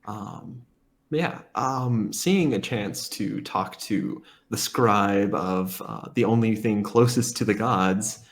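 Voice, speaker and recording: A man playing in a tabletop game, speaking in a hesitant, halting way. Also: lowish voice. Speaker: player.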